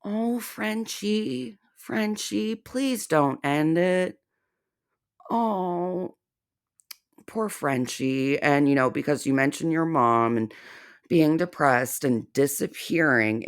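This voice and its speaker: Slow, sarcastic woman commentator. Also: rumbling low. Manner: sarcastic, profane, slow and deliberate. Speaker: reaction commentator. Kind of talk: reaction commentary.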